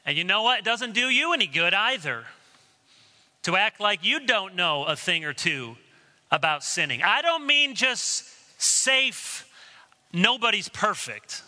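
A man's voice: high voice, big pitch swings, unhurried, pushed and bright, big-room sound. A male pastor preaching a sermon earnestly and telling stories along the way. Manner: earnest preaching, storytelling asides.

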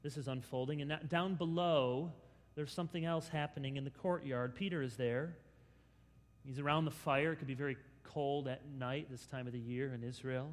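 A male pastor preaching a sermon, dramatically acting out scenes and swinging between loud and hushed. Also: fairly high pitch, fairly quick, big-room sound.

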